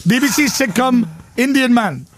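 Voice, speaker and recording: A man's voice: extremely high pitch, animated, moderate pace, a little hiss or hum. A man hosting playful, teasing banter, putting on camp voices. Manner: camp, teasing, puts on silly seductive voices. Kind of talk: playful banter over music. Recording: loud music playing behind.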